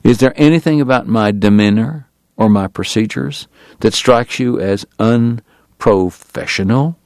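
A man voicing a formal, long-winded gentleman dentist and gambler with a Southern drawl, verbose and precise. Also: mid-range voice, a little slow, no echo, lightly acted. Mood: offended. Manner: verbose, precise and courtly, prickly about his honor.

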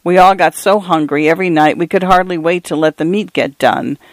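A man reads an old grandfather who crossed the plains long ago, telling his stories slowly and always the same way. The voice sits a little high and sounds close and dry. It stays plain storybook reading rather than a big character voice. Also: no echo, lightly acted. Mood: reminiscing. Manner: slow, repeating old stories. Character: old pioneer grandfather, rambling and fond.

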